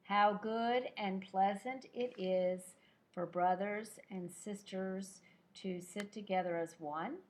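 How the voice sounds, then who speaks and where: Woman, lay prayer leader: slow, unhurried reading, soft fillers, modest singing voice, distant room mic. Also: medium pitch. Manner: slow, gentle, with many fillers. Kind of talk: leading a live-streamed prayer service.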